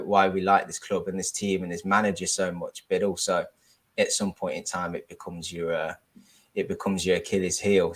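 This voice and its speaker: A man's voice: lowish voice, a bit bright. A man on a casual discussion panel who talks thoughtfully and reaches for folksy sayings. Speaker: panel guest.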